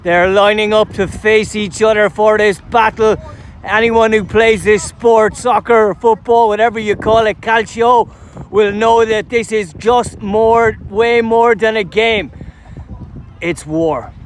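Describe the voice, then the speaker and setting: A man giving jokey, excitable live commentary on a youth football match outdoors. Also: high voice, slow, a little hiss or hum. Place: outdoors at a sports field.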